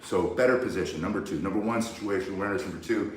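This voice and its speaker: In a very echoey recording with the mic far away, a man with a low voice teaches self-defense at a very fast pace. He demonstrates each move bluntly and emphatically, step by step.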